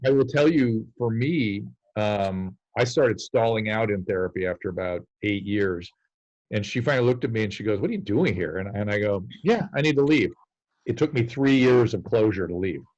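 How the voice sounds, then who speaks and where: A man's voice: fairly low pitch, animated, moderate pace, darkish tone, highs cut off. Man, physician, blunt and emphatic, curses for emphasis, video call audio. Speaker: addiction medicine physician on a call-in show. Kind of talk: candid interview chat.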